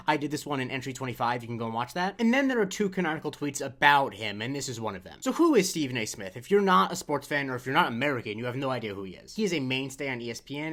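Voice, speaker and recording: A man hosting a commentary video, talking in a wry, facetious way with quick asides. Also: mid-range voice, a bit bright. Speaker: host.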